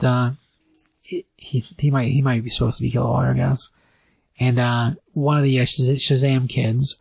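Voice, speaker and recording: A man co-hosting a casual podcast, recapping a comic story in a rambling way and briefly acting out lines in higher voices. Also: creaky, a little mellow, slightly rough, dry recording. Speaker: podcast co-host reviewing comics.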